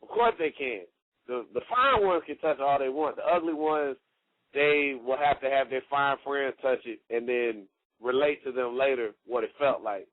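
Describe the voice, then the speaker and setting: A man's voice: mid-range voice, normal speed, no room sound. A man, a wrestler guest on a radio show, telling stories in a rambling, casual way full of "you know" and "like". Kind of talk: casual storytelling. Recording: tinny dry phone line.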